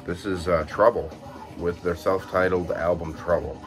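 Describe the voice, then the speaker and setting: Only just out of bed, a young man from Illinois sounds relaxed as he casually goes over his collection. His very deep voice stumbles through fillers and swift self-corrections, and a bit of faint music runs underneath.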